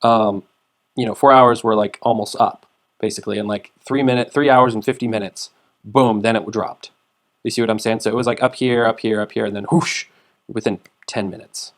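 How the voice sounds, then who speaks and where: A man giving a casual screen-share tutorial, rambling with lots of fillers and repeated words, sometimes dropping into quiet mumbles. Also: fairly low pitch, steady tone, moderate pace. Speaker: trading tutorial host.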